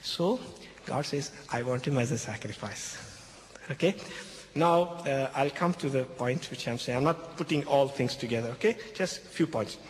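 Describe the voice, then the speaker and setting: A man's voice: mid-range voice, normal speed, a little hiss or hum. A man preaching a sermon, retelling a scripture story in with emphatic stresses and frequent "okay?" checks to his listeners. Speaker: pastor. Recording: reverberant hall, faint ambience.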